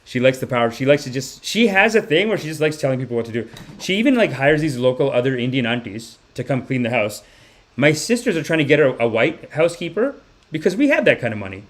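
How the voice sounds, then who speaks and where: A man's voice: mid-range voice, quick pace. A young man hosting a comedy podcast, telling stories animatedly and slipping into voices. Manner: animated, acts out people with voices. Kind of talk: comedic storytelling monologue.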